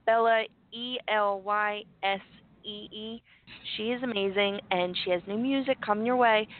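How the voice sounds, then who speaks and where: Female co-host, mid-pitched, bubbly and giggly, lo-fi phone-like audio. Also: fairly even intonation, normal speed. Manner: upbeat, giggly. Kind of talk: casual live show chat. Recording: tinny phone-like sound.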